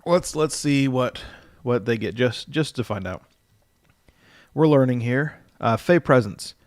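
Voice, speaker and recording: A man's voice: mid-range voice, measured pace, no room sound, clean studio sound. A man chatting casually on a livestream as he builds a game character, thinking aloud, reading rules text and answering his chat.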